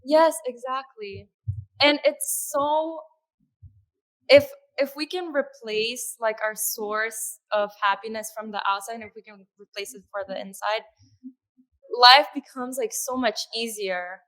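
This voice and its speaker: A woman's voice: on the high side, steady tone, a little slow. Earnest woman podcast guest. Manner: earnest, with frequent fillers and soft laughs. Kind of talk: conversational interview.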